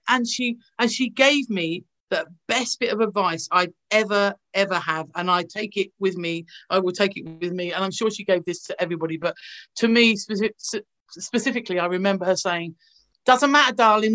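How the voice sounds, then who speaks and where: Gushing actress telling stories. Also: female voice, mid-range voice, normal speed, sharp tone. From England. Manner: gushing, anecdotal storytelling. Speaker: actress guest. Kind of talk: casual interview over video call. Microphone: video call.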